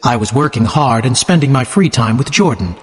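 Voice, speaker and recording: A man narrating an audiobook for English learners in a measured, clearly enunciated way. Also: mid-range voice, animated. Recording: long hall reverb.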